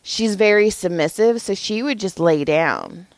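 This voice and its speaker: A young adult woman co-hosting a podcast, telling a story in casual chat with lively acted-out quotes and frequent swearing. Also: mid-range voice, unhurried, no room sound. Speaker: podcast co-host.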